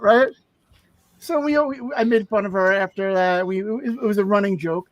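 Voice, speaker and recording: A man co-hosting a podcast, telling a long personal story in a casual, animated way and acting out the people he quotes. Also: normal speed, a little hiss or hum, rough recording. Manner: animated, acts out quotes with raised pitch. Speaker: podcast co-host.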